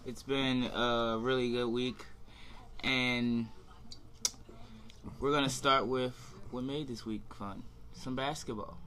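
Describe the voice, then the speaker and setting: A man's voice: mid-range voice, fairly even intonation, slow, long pauses, a bit bright, a little hiss or hum. A man hosting a sports podcast, talking in a laid-back, slangy way. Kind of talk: casual sports chat.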